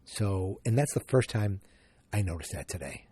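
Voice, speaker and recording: A man's voice: low voice, expressive, moderate pace, dark tone, breathy edge. A man hosting a casual solo podcast, thinking aloud and rambling with restarts. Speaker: podcast host.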